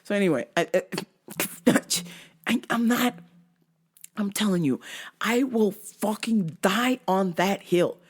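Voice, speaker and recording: Brash, profane woman ranting with lively pitch. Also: slow pace, long pauses, slightly rough. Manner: profane, animated storytelling with bursts of laughter; self-described masculine, brash. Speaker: podcast host. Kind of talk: casual rant.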